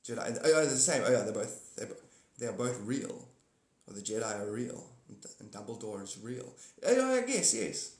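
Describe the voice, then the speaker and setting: A man's voice: on the low side, steady tone, a little fast, hardly any pauses. A man hosting a livestream and chatting with viewers in a rambling, casual way, jumping between topics and laughing often. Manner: giggly, jumps between topics, talks to viewers by name. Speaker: livestream host. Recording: echoey room.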